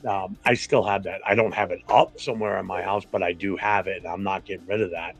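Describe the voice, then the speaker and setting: A man with a New England accent hosting a casual fan talk stream, blunt, opinionated and quick to swear. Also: sits low, steady tone, creaky, slightly rough, soft background music. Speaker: fan show host.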